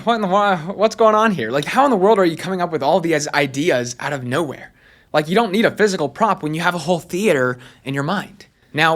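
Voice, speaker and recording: A man hosting a casual personality analysis video, chatty and excitable, with lots of "like". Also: on the high side. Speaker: host.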